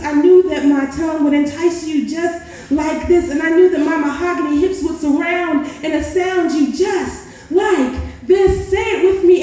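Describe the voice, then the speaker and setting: A woman's voice: high voice, mellow. A woman performing erotic spoken-word poetry at a live open mic in a lounge, sultry and playful, with laughing asides to the crowd. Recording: very echoey live room.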